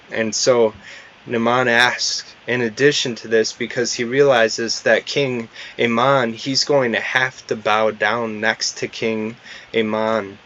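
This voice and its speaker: A man retells a Bible story in an easygoing, conversational way, with frequent fillers and restarts. He talks slowly at a middling male pitch. The recording is dull and lo-fi. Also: a bit bright.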